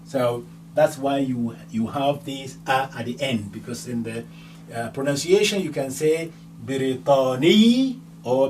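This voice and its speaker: A man's voice: medium pitch, animated, takes it slowly, darkish tone. A man teaching a grammar lesson step by step, patiently repeating each word and ending, with a faint hum behind him. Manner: patient, repeats words and endings many times. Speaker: language teacher. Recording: distant mic, faint hum.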